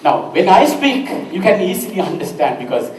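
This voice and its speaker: A man's voice: high voice, sing-song, moderate pace, darkish tone, roomy sound, distant mic, slight background noise, rough recording. A middle-aged man with a Sri Lankan accent, teaching a class and giving advice with many tag questions like "right?" and "you know".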